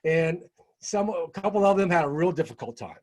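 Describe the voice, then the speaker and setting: A middle-aged man telling a personal story in casual conversation as an interview guest, animated and peppering his talk with "right?". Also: a little high, brisk. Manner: animated storyteller, frequent "right?" tag questions.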